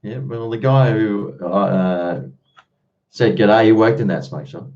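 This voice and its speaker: A man's voice: lowish voice, takes it slowly, darkish tone, dull audio. An Australian man live-streaming, chatting casually with viewers and answering their comments in a blunt, freely swearing way.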